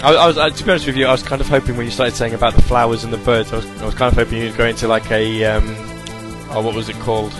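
Male stream host, rambling and apologetic, average pitch; faint music under the voice. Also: flat delivery, racing. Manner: rambling, self-interrupting, apologetic. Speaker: podcast host. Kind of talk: casual chat on an online radio stream.

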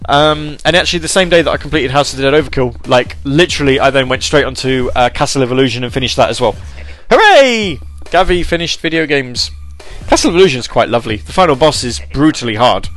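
A man with a medium-pitched, slightly bright voice hosts a podcast by himself. He rambles and pokes fun at himself, filling his casual chat with lots of fillers and restarts.

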